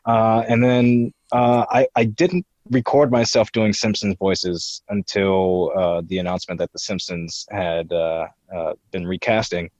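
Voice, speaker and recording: A young man in his twenties talks in a low voice, hesitating often with "uh" and "um". The sound is slightly dull and very dry, like a home mic. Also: fairly even intonation, measured pace, few pauses, darkish tone, dry recording. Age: 20s. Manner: hesitant, many fillers, slips into character voices. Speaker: guest voice impressionist. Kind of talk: podcast interview.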